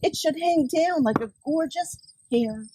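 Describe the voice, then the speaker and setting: A woman's voice: high voice, unhurried, far from the mic, noisy background, voice pushed up. A woman doing a vain, haughty storybook horse. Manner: haughty, baby-talking. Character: big, vain, condescending male horse.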